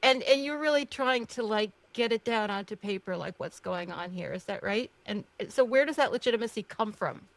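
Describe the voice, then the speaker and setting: A woman's voice: a little high, a little fast, few pauses, no echo. A woman hosting an interview, speaking earnestly and searching for words as she frames her questions. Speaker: podcast host. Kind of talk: interviewing guests.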